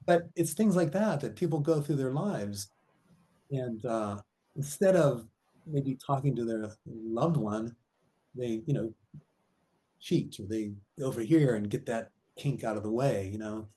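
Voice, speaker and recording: A middle-aged man talking casually as an interview guest. His voice is mellow and warm at a middle pitch. He rambles through stories, acts out what people said, and laughs often. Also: lively intonation, moderate pace. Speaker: guest, actor and author.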